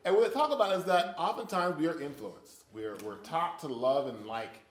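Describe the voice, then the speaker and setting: In an echoey room, a man leads an interactive Bible study, telling stories and asking the group questions. He's an animated storyteller who acts out little voices and sounds, speaking at a moderate pace in a fairly high voice.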